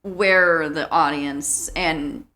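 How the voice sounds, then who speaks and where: A woman's voice: deep voice, fairly even intonation, very slow, crowd noise. A woman co-hosting a movie-review podcast in casual, chatty talk, swearing freely. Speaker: podcast co-host.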